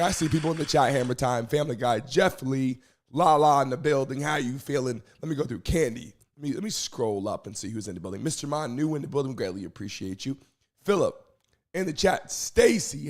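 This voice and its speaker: Hoarse man hosting a live stream. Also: mid-range voice. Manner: energetic, greets chat viewers by name. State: hoarse, lost his voice. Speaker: live stream show host. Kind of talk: casual live stream chat.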